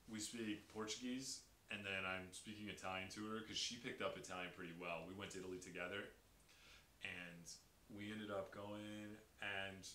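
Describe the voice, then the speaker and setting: A man chatting energetically on a podcast, explaining language and accents with lively enthusiasm. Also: lowish voice. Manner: energetic, imitates Italian accents. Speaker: podcast guest. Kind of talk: casual podcast chat. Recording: echoey room with faint hiss.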